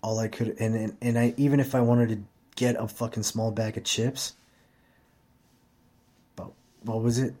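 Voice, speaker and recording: A man's voice: fairly low pitch, level tone, normal speed, pauses often, mellow. Tired man telling a profane story. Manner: profane, rambling, plainspoken. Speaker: vlogger. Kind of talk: casual storytelling monologue.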